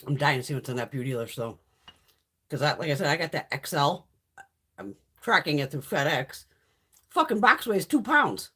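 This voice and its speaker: Middle-aged woman livestream host, husky, animated, foul-mouthed storyteller. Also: sits low, normal speed. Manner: profane, blunt storytelling, reads chat comments. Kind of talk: casual live-stream chat.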